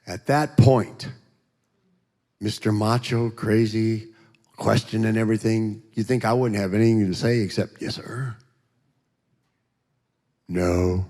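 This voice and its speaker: An animated man giving his testimony from a church platform, joking and acting out voices as he goes. His fairly low voice carries a long reverb through the church sanctuary. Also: unhurried. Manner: animated, joking storyteller who acts out voices. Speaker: guest speaker giving a testimony.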